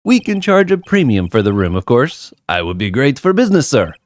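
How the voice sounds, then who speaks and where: A man's voice: mid-range voice, very animated, brisk, voice pushed up, lightly acted. A man putting on a creepy fawning bellboy. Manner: odd put-on accent, overly formal "sir".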